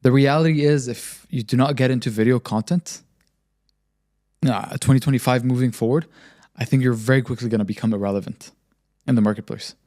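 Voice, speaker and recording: A man's voice: medium pitch, a little fast, warm tone. A man hosting a podcast, talking in a blunt, motivational way and firing questions at the listener. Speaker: podcast host. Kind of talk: casual podcast conversation.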